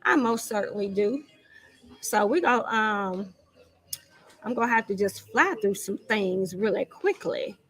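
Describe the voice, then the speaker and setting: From a lounge studio, a woman hosts a live stream, reading out deals and events in a casual, chatty way and teasing herself as she thinks aloud. Her medium-pitched voice has lively intonation, an unhurried pace and a breathy edge.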